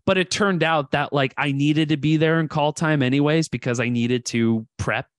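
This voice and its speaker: A man's voice: on the high side, normal speed, no room sound. Swearing casual man, dry sound. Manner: loose, swears freely, filler-heavy. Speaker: podcast co-host. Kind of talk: casual podcast chat.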